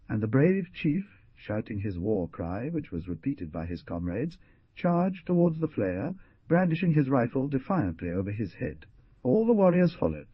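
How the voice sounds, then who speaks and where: A man narrating an adventure audiobook in an expressive storytelling manner. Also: mid-range voice, normal speed, slightly rough, no room sound. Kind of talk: scripted narration. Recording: dull dry lo-fi.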